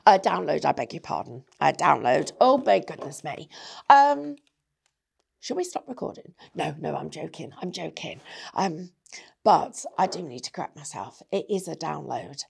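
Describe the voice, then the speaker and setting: Chatty woman with a gravelly voice. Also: on the low side, darkish tone. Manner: chatty, jokey, self-correcting. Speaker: craft demonstrator. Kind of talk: casual product demonstration.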